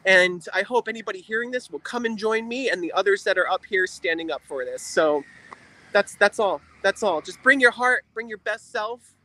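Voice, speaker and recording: High, bright-voiced emotional man. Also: normal speed. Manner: emotional, repeats phrases for emphasis. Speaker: guest on a livestream. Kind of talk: earnest heartfelt talk.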